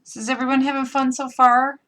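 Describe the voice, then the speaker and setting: Here a woman with an upstate New York accent runs a live crafting demo, playful and talkative, reasoning aloud as she goes step by step. She speaks a little fast in a high-pitched, fairly bright voice that barely moves in pitch.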